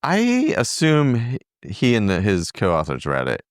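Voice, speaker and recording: A man's voice: medium pitch, wildly swooping pitch, unhurried, dry recording, clean studio sound. A middle-aged man, a podcast co-host, recounting a trip in casual, rambling chat full of fillers. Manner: rambling, filler-heavy storytelling.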